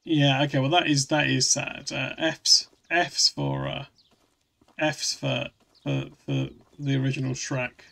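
A man with a gravelly voice, casually chatting while streaming a game and answering chat, rambling with frequent restarts. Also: medium pitch, little pitch movement, a little slow, fairly bright tone. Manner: rambling, restarts often, reads chat aloud.

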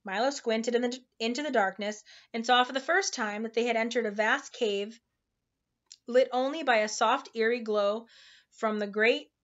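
A woman with a somewhat high voice reads a children's novel aloud at home, relaxed and unpolished, stumbling over the odd tricky word. The recording sounds dull and lo-fi. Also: moderate pace. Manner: informal, stumbles over hard words and laughs at slips. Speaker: storybook reader.

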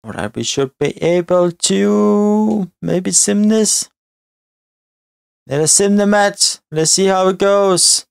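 A man giving excited live commentary on his own football video game career mode, often exclaiming at chances and shouting at the players. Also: high-pitched, slow, gravelly, clean tone, no room sound. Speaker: gaming YouTuber.

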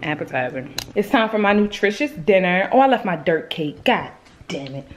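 Sassy woman in her twenties, chatty vlogger, animated pitch, talks straight to viewers. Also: normal speed, a little hiss or hum. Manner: sassy, chatty, addresses viewers as y'all and boo. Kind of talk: casual food-challenge vlog.

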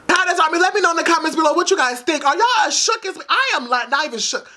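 High-voiced, dramatic, sassy man. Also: racing, a little hiss or hum. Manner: dramatic, sassy and loud, full of slang. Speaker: YouTube reaction host. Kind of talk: music video reaction. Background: faint music from the video.

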